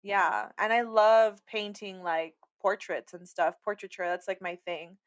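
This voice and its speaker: A woman's voice: mid-range voice, a little slow, smooth. A young woman, co-hosting a casual podcast chat, emphatic and sassy, with lots of "like" fillers. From Rio Grande Valley, South Texas. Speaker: podcast co-host, painter.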